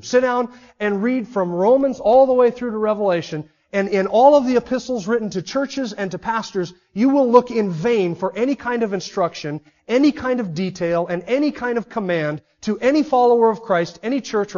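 A man with a high voice delivers an expository sermon, pressing his listeners with rhetorical question after rhetorical question. His emphatic preaching comes through a dull, muffled, lo-fi recording. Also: a little mellow. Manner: emphatic, asks the audience many rhetorical questions.

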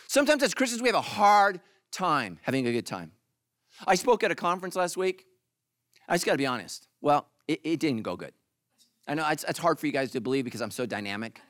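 A man preaching a sermon as pastor, animated and joking, acting out the congregation in mock voices. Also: a little high, brisk, no echo.

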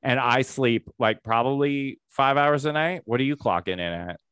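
Male co-host, average pitch, rambling sarcastic banter, dry close sound. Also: moderate pace, fairly bright tone, clean tone, no echo. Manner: sardonic, profane, rambling. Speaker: podcast co-host. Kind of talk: casual chat.

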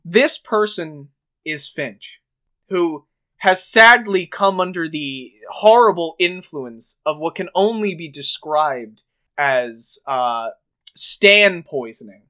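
A man's voice: a little high, lively intonation, takes it slowly, sharp tone. A man co-hosting a podcast, telling a mock-dramatic scene in a theatrical, ominous way. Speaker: podcast co-host. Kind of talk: casual chat and mock-dramatic bit narration.

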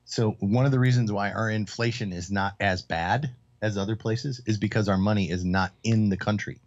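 A man's voice: on the low side, moderate pace. A man co-hosting a casual round-table talk, explaining economic news with many ums and uhs. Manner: explains economics with hesitant fillers. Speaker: co-host. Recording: dull lo-fi sound.

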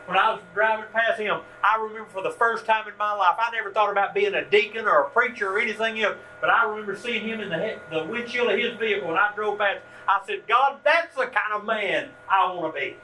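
A man leading a church workshop, telling a story in a folksy, animated way and closing with prayer. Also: sits high, fast talker, hardly any pauses. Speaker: ministry workshop leader. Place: meeting room at a church event. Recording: distant mic with steady hum.

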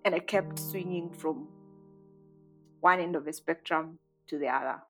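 Speaking as a guest on a podcast, a woman in her thirties shares personal stories openly, her talk full of fillers. She has a low voice with vocal fry and a measured pace; the audio is poor, with guitar playing in the background.

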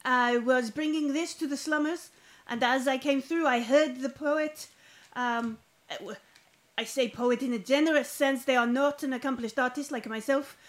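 A woman voicing a pompous male zealot poet with a put-on French accent, speaking in a florid, drawn-out way. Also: high voice, close to an everyday voice.

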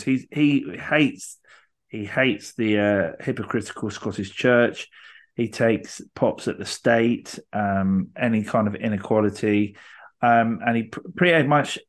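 A man co-hosting a podcast, talking casually in a halting way full of ums and restarts. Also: mid-range voice. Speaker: podcast co-host.

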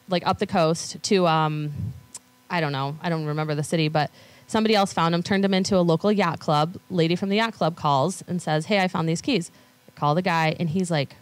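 A woman speaking at a conference, chatting with the audience and telling stories with lively quoted voices. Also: on the low side, dry recording. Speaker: conference speaker on law firm marketing. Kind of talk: conference talk with audience questions. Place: conference room.

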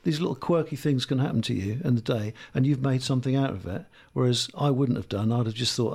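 A man with a Suffolk accent asks his questions in a chatty, roundabout way, musing as he goes. His voice is gravelly at a middle pitch, in an informal podcast conversation. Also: quick pace, hardly any pauses, a little mellow. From Lowestoft, England. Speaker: student interviewer.

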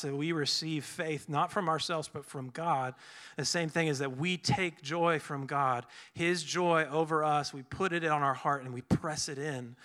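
Young man, sermon, bright tense voice, slightly high, earnest and chatty. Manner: earnest, casual, many fillers and restarts. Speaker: preacher. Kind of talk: conversational sermon.

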